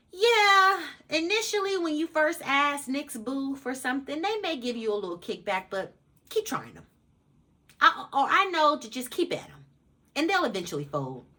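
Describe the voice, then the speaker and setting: A blunt woman talks straight to her viewers with a bright, forceful voice that sits a little high. She swears freely and hammers her points home by repeating them. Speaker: advice channel host. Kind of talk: casual motivational talk to camera.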